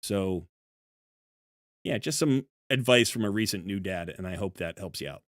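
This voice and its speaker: A man's voice: sits low, lively intonation, normal speed, no room sound, studio quality. A man streaming live, chatting casually with his viewers in a rambling way, with many restarts and fillers. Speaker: streamer talking to chat.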